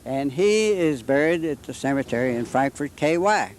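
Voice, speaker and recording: Man, local history guide, folksy storyteller, slightly high voice. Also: lively intonation, normal speed. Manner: folksy, anecdotal, drifts into side stories. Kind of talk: casual history chat. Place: historic house indoors.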